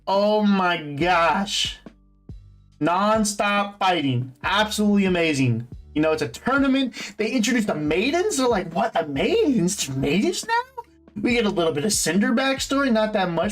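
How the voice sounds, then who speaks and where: Young guy, kinda high voice, rambling fan chat about a show, lots of likes and restarts, faint music behind. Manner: rambling, full of fillers and restarts. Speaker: host. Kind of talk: casual fan commentary.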